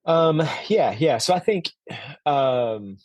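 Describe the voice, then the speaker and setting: A man's voice: on the high side, expressive, takes it slowly, dry recording. A man speaking as a podcast guest, earnest and reflective, with frequent fillers and restarts. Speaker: podcast guest, orchard owner. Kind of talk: conversational interview.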